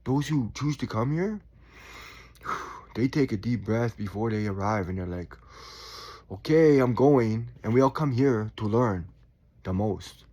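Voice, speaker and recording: A man in his forties talking in a calm, reflective way about staying chill, with sighs and quiet asides. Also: fairly low pitch, measured pace, slightly rough, muffled recording. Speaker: spiritual vlogger. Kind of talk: casual reflective monologue.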